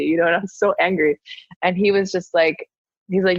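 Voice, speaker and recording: A woman telling a candid personal story in conversation, animated and laughing often. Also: lowish voice, normal speed, no room sound. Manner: animated, laughs often, acts out her own quoted lines. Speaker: podcast conversation partner. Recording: dull, dry lo-fi sound.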